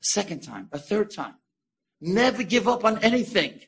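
Husky man telling a lively sermon story. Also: normal speed. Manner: animated, rising to excited high exclamations. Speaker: rabbi and storyteller.

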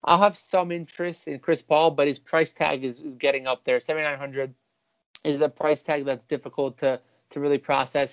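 A man hosting a fantasy basketball podcast, talking casually and quickly with a few restarts. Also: on the high side, clear, resonant tone, no echo, highs cut off. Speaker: podcast host.

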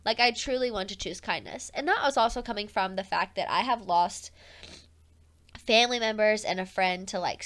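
A young woman talks through her solo podcast in a relaxed, earnest voice. Her pitch sits in an ordinary middle range. Her speech is loose and chatty, full of "like" and "um" as she works her way through each thought. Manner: casual and earnest, heavy use of "like" and "um". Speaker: podcast host.

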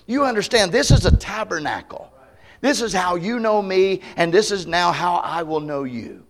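A man's voice: high-pitched, expressive, moderate pace. A man pastor preaching a sermon, emphatic, putting rhetorical questions to the congregation. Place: church campmeeting service.

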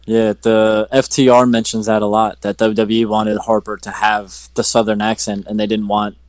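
A man's voice: lowish voice, little pitch movement, moderate pace, dry recording. Conversational male podcast co-host, dry sound. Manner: conversational, agreeable, retells stories. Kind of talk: casual podcast chat.

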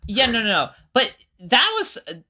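Podcast co-host, long-winded explainer, mid pitch, bright voice. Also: big pitch swings, moderate pace. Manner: explains at length, restarts and circles back. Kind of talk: casual explanatory chat.

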